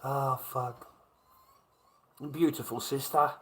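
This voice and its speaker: A man's voice: medium pitch, steady tone, slow, pushed and bright, poor audio. An Australian man hosting a livestream, talking in a brash, profane and confrontational way as he reacts to chat comments at home. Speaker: livestream host.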